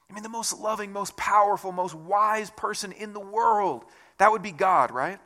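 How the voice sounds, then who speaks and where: A man with a high, bright voice gives a sermon in a loose, conversational way. He jokes at his own expense and talks as a pastor would to his congregation. His tone is lively and clear. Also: a little fast. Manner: conversational, self-deprecating asides.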